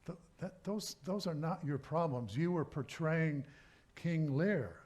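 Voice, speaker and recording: A man voicing a patient male friend who gently reasons with someone in a sermon story. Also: a little high, lively intonation, a little slow. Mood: gently questioning.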